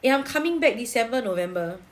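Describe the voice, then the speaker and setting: Lady doing tarot on a livestream, blunt and chatty, kinda high voice, lots of lah. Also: animated, fast talker. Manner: blunt, chatty, peppered with "lah" and "leh" particles. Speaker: tarot reader.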